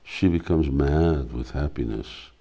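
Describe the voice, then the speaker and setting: Deep deep gravelly guy reading a devotional play, slow and measured. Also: dark tone. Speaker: spiritual teacher.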